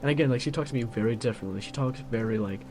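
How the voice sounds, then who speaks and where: Over music, a teenage guy who vlogs talks very fast at a medium pitch. He's rambling casually on his own, complaining as he goes and dropping "like" into nearly every phrase.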